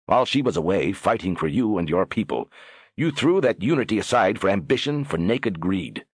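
A man's voice: on the low side, big pitch swings, moderate pace, husky, dry recording, studio quality, pitched above the performer's own voice, full character voice. A man voicing a stern young lord who lectures firmly. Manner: firm, lecturing.

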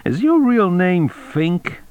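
A man putting on a sneering high-voiced cop. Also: very animated, takes it slowly, no room sound, phone-quality sound, heavily acted. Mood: taunting. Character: sneering male plainclothes police officer.

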